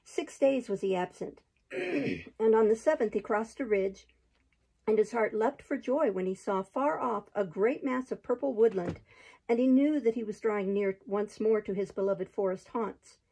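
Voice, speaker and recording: A woman hosting her own show, reading a storybook aloud in a steady, even narration. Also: on the high side, normal speed, creaky, slightly rough, poor audio.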